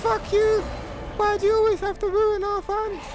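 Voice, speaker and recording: A man voicing a bunch of overexcited male fanboy gamers, squealing and whining in a shrill falsetto. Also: flat delivery, moderate pace, heavy background noise.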